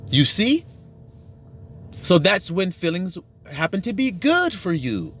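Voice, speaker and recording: A man's voice: high voice, very animated, a little slow, fairly bright tone, slight background noise. A man giving a casual, profane sermon, acting out little dialogues to make his points. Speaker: religious teacher.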